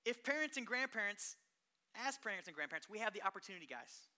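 A pastor preaching a sermon, telling stories in an animated way that swings between hushed and loud. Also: medium pitch, quick pace.

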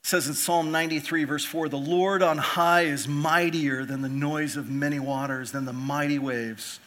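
A man preaching a sermon as pastor, reading scripture and swelling to emphatic peaks before dropping soft again. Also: on the high side, fairly even intonation, normal speed.

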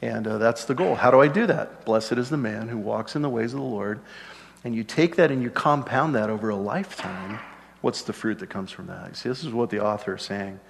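Chatty middle-aged pastor in a reverberant hall. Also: male voice, fairly low pitch, brisk, creaky, slight background noise. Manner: conversational, joking asides to the congregation. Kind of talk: sermon.

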